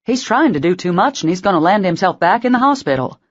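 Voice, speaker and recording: A woman's voice: mid-range voice, expressive, fast talker, no echo, highs cut off, pitched above the performer's own voice, close to an everyday voice. A woman voicing an affectionate older grandmother. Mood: doting. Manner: affectionate, uses endearments. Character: warm older Southern grandmother, doting.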